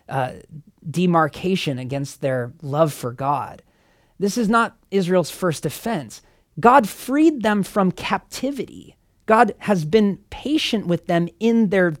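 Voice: mid-range voice, dry recording, clean studio sound. A preacher giving a sermon in a conversational way, emphatic and asking the listeners direct questions. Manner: conversational, with casual fillers. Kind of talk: sermon teaching.

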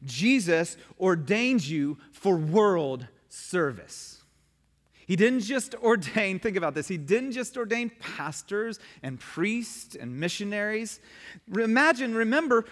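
Man, pastor giving a sermon, emphatic, slightly high voice, long church reverb. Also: very animated, normal speed, a bit bright. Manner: emphatic preaching, rising and falling in force. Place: church sanctuary.

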